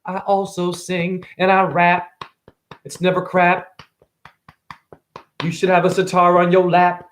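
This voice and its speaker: A man in a rambling live-stream monologue, full of rhyming wordplay and sudden jumps in pitch and pace. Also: completely flat delivery, slow pace, pauses often, fairly bright tone, a little hiss or hum. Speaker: self-styled spiritual teacher streaming live.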